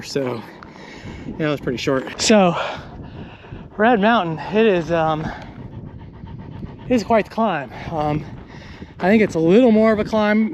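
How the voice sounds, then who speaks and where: A man's voice: high voice, darkish tone. A man narrating a casual vlog while hiking a mountain trail outdoors, chatty and out of breath from the climb. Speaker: vlogger. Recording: noisy outdoor recording.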